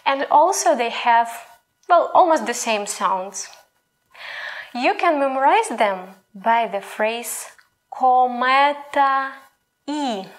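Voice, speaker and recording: A woman's voice: fairly high pitch, very animated. Ukrainian-accented woman teaching pronunciation. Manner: patient, explains slowly, models sounds aloud. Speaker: language teacher. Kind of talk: scripted language lesson.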